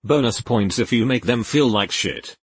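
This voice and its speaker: A man narrating Reddit posts aloud in a lively, expressive read with jokey asides. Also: mid-range voice, moderate pace, husky, no echo.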